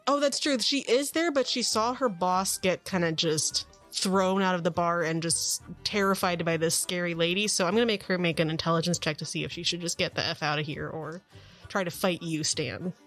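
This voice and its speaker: A woman narrating as game master of a tabletop role-playing game, chatty and quick to laugh. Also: on the low side, a bit bright, soft background music. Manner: chatty, laughing, voicing characters.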